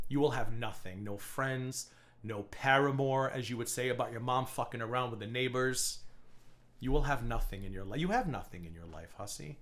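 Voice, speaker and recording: A man's voice: medium pitch, moderate pace, a bit bright. A male livestream host delivering a profane, taunting rant at someone.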